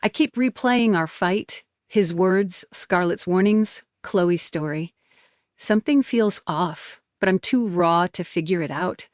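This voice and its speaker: Young woman narrator, lowish voice, dry close mic, even and soft first-person telling. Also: slow pace, dry recording.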